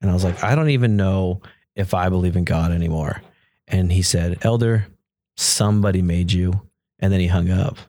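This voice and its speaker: Guest storyteller: man, low voice, dry sound, lively quoted dialogue. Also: normal speed, no echo. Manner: animated, acts out quoted dialogue. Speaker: podcast guest. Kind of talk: casual storytelling in an interview.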